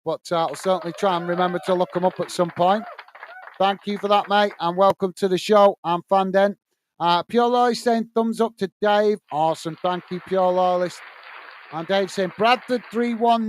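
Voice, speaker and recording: A man's voice: high-pitched, clean tone, dry recording. A British man hosting a live football watch-along stream, reading viewers' chat comments aloud in a friendly way and calling them mate.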